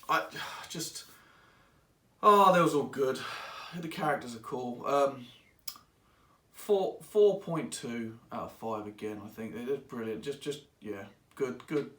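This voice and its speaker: Casual male reviewer, rambly and animated, recorded in an echoey room. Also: mid-range voice, takes it slowly, distant mic. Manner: rambling and excitable, acts out characters in quotes. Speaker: book reviewer. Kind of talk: casual spoken book review. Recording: echoey room, voice away from mic.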